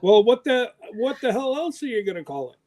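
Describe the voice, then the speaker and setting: A Canadian man with a notably high voice hosts a relaxed livestream chat. He speaks in quick, teasing bursts and banters with his guests.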